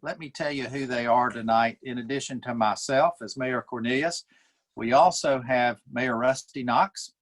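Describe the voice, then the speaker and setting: Male town mayor, mid-pitched voice, hosting, fillers, video call. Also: normal speed. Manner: warm introductions with many fillers. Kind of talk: introducing panelists.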